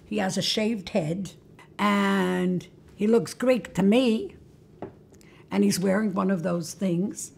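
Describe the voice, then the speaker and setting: A woman's voice: mid-range voice, slow pace, vocal fry, a little mellow, a little hiss or hum. A woman hosting a religious talk, telling a story in a conversational way and inviting listeners along. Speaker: host.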